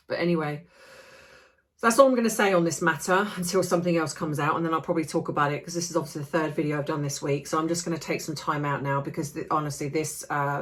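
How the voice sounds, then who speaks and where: Lowish woman's voice on her vlog, worked up and ranting, a bit under the weather. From Australia. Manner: impassioned, ranting, with many restarts. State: unwell, feeling sick. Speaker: commentary vlogger. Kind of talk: casual opinion vlog.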